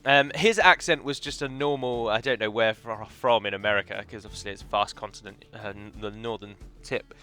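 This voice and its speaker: Chatty bright-voiced male gameplay commentator. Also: fairly low pitch, a little fast, few pauses, faint music behind. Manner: chatty, rambling, opinionated asides. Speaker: game modder and let's player.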